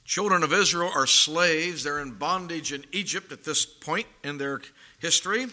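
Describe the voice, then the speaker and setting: Male pastor, high bright voice, emphatic sermon delivery with slow drawn-out pauses.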